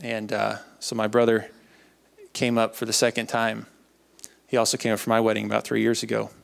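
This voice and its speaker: A young man giving an earnest personal faith testimony, halting and often repeating his words. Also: on the low side, monotone, vocal fry. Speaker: speaker sharing a testimony.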